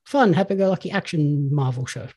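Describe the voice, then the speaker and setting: An Australian man hosting a podcast in a relaxed, chatty way, recounting stories with real enthusiasm. His voice is mellow and slightly husky, sitting a little higher than most men's. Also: a little fast. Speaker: podcast host. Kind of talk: casual chat.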